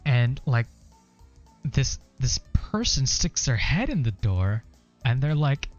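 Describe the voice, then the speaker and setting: A man's voice: medium pitch, expressive, unhurried, highs cut off, soft background music. A young man telling a story in a casual, rambling way while he plays, with many "like" and "uh" fillers. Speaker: gaming streamer. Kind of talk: casual storytelling over gameplay.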